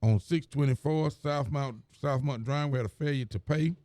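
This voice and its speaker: Speaking at a moderate pace in a dark, mid-range voice, a man who serves as county sheriff goes over the week's reports on a live stream. His manner is plain and folksy, with repeated phrases, and there's no echo.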